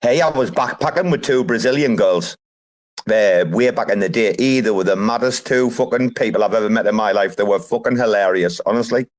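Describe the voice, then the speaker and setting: A man hosting a casual group chat, talking in an animated, emphatic way and swearing casually. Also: on the low side, a little fast. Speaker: host.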